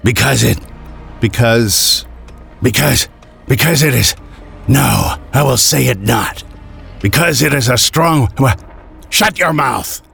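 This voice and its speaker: A man voicing a tormented male demon who answers in a halting, unwilling way. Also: medium pitch, vocal fry, a bit bright, slightly rough, soft background music, heavily acted. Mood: evasive.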